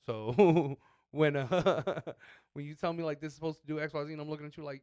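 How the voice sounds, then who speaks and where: A man's voice: mid-range voice, fast talker, no room sound, studio quality. A man co-hosting a podcast, telling loose, profane work stories full of slang in casual chat. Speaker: podcast co-host.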